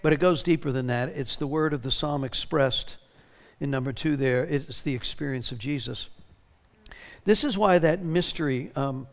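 A man preaching a sermon, animated and emphatic, reading scripture aloud with feeling. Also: fairly high pitch, normal speed. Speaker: pastor.

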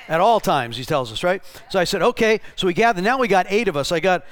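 A man preaching a storytelling sermon in an animated way, restarting and repeating words and rising to shouted bursts. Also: sits high, quick pace. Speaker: pastor.

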